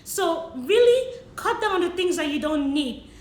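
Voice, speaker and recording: A young woman speaks to her viewers in a high, tearful voice, sniffling as she talks. She keeps apologizing and laughs through the tears. The room has a noticeable echo. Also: animated, unhurried, darkish tone. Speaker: vlogger sharing money tips. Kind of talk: emotional personal vlog.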